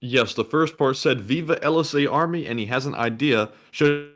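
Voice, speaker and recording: A man's voice: medium pitch, moderate pace. A man co-hosting a livestream, reading donation messages in an easygoing way. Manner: easygoing, reads messages aloud. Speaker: co-host reading super chats. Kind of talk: casual livestream chat.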